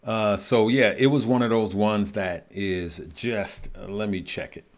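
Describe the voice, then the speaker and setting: A man's voice: lowish voice, steady tone, a little slow. A man hosting a live stock and crypto trading stream, chatting casually, laughing often and greeting viewers by name. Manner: thinks aloud, trails off while checking charts.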